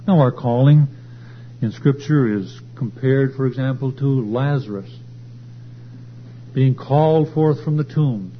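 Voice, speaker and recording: A man preaching a sermon at a church service, swelling louder and higher as he drives his points home. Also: a little slow, pauses often. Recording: dull lo-fi recording with faint hum.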